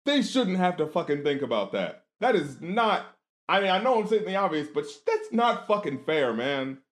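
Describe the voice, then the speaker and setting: A man's voice: fairly high pitch, sing-song, normal speed. A man co-hosting a podcast, chatting casually in a profane, indignant way. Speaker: podcast co-host. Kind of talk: casual chat.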